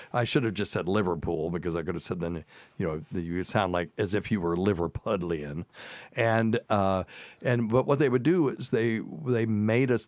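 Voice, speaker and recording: A man in his sixties with a very low voice and a softened Southern accent chats on a show, a physician spinning folksy, self-deprecating stories. The sound is dry and close. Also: dry recording. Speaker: physician co-host. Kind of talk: casual podcast chat.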